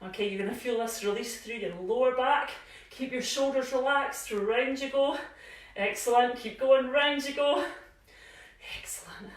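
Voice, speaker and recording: A woman fitness instructor guides a live home workout with a slightly high, encouraging voice. She is chatty and a little out of breath from moving along with the class. Her voice reaches the camera from across a bare room, with a strong echo around it. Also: moderate pace. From Scotland. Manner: encouraging, chatty, cues movements with frequent "yeah?". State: slightly out of breath while exercising. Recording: very echoey room, voice from a distance.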